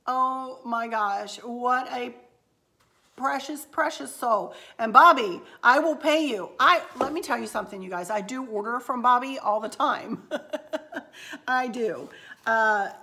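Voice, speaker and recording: A woman's voice: a little high, sharp tone, slight background noise. A middle-aged woman, chatting in a rambling, folksy way as host of a craft vlog. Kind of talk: casual haul vlog chat.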